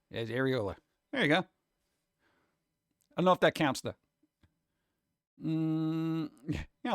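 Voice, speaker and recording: A man chatting casually on a live stream, rambling and animated, jumping between topics and slipping into mocking voices. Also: a little high, vocal fry, dry recording, clean studio sound.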